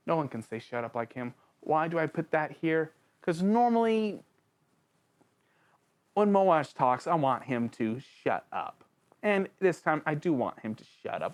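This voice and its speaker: A channel host giving a casual, excitable spoken book review, joking around and talking straight to the author and characters. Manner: excitable and jokey, with big swings in pitch; addresses the author and characters directly, playful slang.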